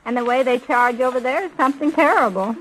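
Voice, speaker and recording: Rich: A woman with a slightly high voice talks in a dithering, fluttery way that sounds constantly flustered. She plays the scatterbrained guest in a 1930s radio comedy routine. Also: quick pace, low-quality recording.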